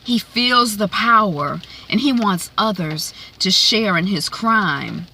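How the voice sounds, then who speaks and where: A woman voicing a scheming, cold-blooded brothel madam, speaking slow and ominous. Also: mid-range voice, lively intonation, sharp tone, slight background noise, heavily acted.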